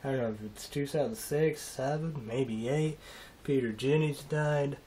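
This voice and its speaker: A man rambling through a halting, emotional monologue in a casual vlog, trailing off and restarting often. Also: mid-range voice, dark tone, slight background noise. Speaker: vlogger.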